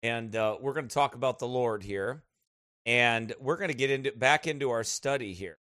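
A man from the United States, a pastor telling stories in casual chat before leading a Bible study, animated and laughing as he talks. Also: medium pitch, normal speed, no echo, studio quality.

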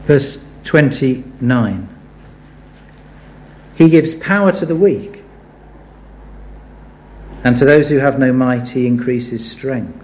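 A man preaching a sermon, animated and building to emphatic rhetorical questions. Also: medium pitch, takes it slowly, long pauses. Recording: echoey room.

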